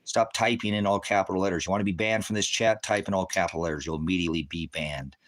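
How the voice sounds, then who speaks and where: Gruff deep-voiced man ranting. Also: fairly even intonation, quick pace. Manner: combative, cursing, dismissive. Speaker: livestream host of a ministry channel. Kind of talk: profane livestream rant answering chat.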